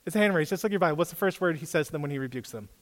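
A man's voice: a little high, expressive, rapid-fire, long reverb tail. A man giving a casual sermon as a youth pastor, chatty, quizzing his listeners with questions. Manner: conversational, quizzes the audience. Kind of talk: casual preaching.

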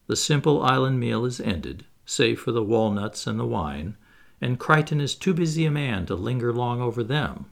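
Man, gravelly voice, lively intonation, reading stage directions aloud. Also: mid-range voice, normal speed. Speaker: reader.

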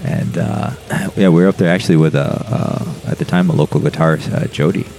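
A man's voice: extremely low pitch, fairly even intonation, brisk, vocal fry, a little mellow, slight background noise. A young man, a guest on a podcast, telling a rambling, profane story with many fillers. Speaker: podcast guest, metal musician. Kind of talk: casual storytelling.

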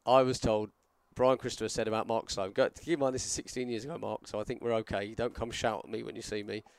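A man's voice: on the low side, quick pace, vocal fry, clear, resonant tone, dry recording. Chatty man telling rambling stories. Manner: rambling storyteller, animated when quoting others. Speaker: podcast co-host, wrestler. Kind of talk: casual chat.

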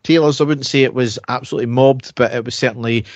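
A man's voice: medium pitch, fairly even intonation, quick pace, no echo. Guy chatting, dry muffled sound. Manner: chatty storytelling, laughs at own stories. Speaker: podcast co-host. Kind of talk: casual chat.

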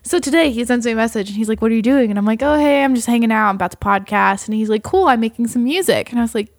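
Woman, young adult, slightly high voice, podcast co-host, animated storytelling, full of "like". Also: very fast, no echo, studio quality. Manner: animated, acts out dialogue with lots of "like". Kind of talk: casual chat, storytelling.

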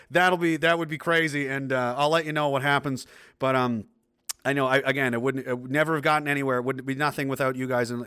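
A man's voice: medium pitch, bright, forceful tone, clean tone, dry recording, studio quality. A man hosting a casual livestream, talking in a rambling way with many restarts. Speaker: livestream host.

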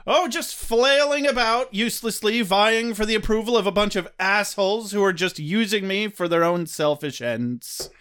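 A man's voice: high voice, normal speed, few pauses, a bit bright, smooth. Man playing a mopey sarcastic grown son, sulky, whiny.

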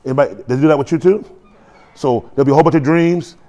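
A man preaching a sermon in a church, animated and joking, acting out quotes as he goes. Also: mid-range voice, quick pace. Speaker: pastor.

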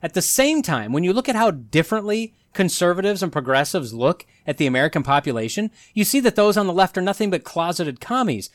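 Man, podcast host, sarcastic asides, animated pitch, dry close sound. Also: brisk, few pauses, no room sound. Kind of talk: solo commentary podcast.

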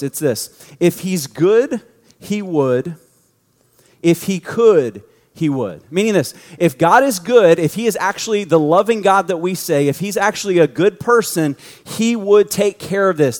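A man with a fairly high voice preaches a sermon in a casual, joking way. His voice rings out with long reverb from a church hall. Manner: conversational, joking storyteller. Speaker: youth pastor.

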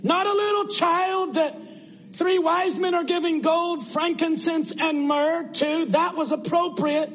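A man's voice: very high voice, fairly even intonation, unhurried, fairly bright tone, highs cut off. A man preaching a sermon in an earnest, conversational way, asking his listeners rhetorical questions.

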